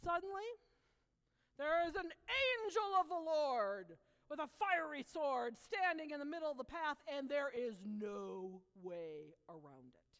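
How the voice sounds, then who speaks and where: A woman telling a Bible story in an animated, dramatic way with emphatic pauses, heard with long hall reverb. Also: sits high.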